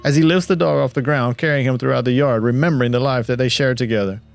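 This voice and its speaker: A man narrating a horror story in a plain, steady reading voice. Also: mid-range voice, quick pace, creaky, soft background music.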